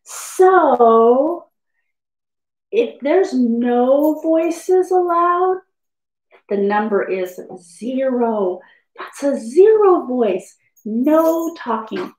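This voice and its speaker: Woman teacher for a kids' lesson video: high, lively, slow and encouraging, in an echoey room. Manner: sing-song, encouraging, speaks slowly to young children.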